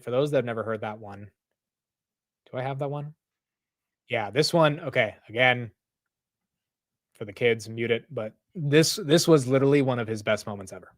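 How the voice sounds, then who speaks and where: A man hosting a live stock market stream, talking casually and excitably with loose slang and frequent laughs. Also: medium pitch, no room sound, clean studio sound. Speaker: market livestream host.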